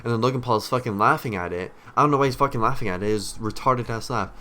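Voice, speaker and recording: A man's voice: medium pitch, quick pace, pushed and bright, a little hiss or hum. A man streamer giving a rambling, blunt commentary rant, swearing heavily as he talks. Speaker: streamer reacting to clips.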